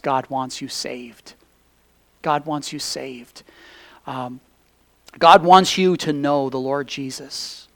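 A man preaching a sermon, swinging from loud urgent pleading to hushed near-whispers and stretching out key phrases. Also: medium pitch. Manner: preaching with drawn-out emphatic phrases. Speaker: pastor.

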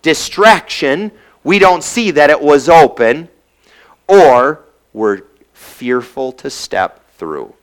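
A man preaching with a voice that rides high and swoops far up and down as he retells a scripture story. He slips into quick character voices for the people in the tale, then reads the verses in a steady, measured cadence. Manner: animated storytelling, briefly acting out the voices of biblical characters. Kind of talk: sermon.

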